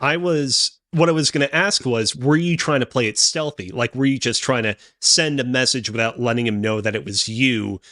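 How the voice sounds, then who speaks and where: A man on a casual podcast asking a curious follow-up question. His voice is mid-pitched and sounds close and dry. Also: normal speed, few pauses, a bit bright, no room sound. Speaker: podcast co-host. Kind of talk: casual chat.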